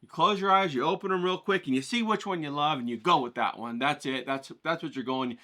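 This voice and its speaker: Bright-voiced man coaching an art lesson. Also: brisk. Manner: coaching, checks in often with "okay?"; animated, rises in pitch when excited. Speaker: art teacher.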